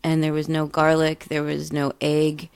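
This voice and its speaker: A young woman chats on a casual podcast. Her voice sits low and gravelly. She tells stories with swearing and quick mimicry, and the recording is dry and close. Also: dry recording. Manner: animated storytelling, swears freely, mimics others. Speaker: podcast co-host. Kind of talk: casual chat.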